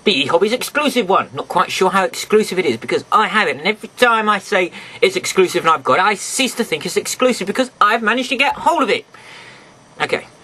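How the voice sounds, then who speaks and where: A man's voice: high-pitched, lively intonation, fast, bright, forceful tone, low-quality recording. A man giving a casual toy review to the camera, rambling and chatty, talking straight to his viewers from home. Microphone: camera mic, sometimes off camera.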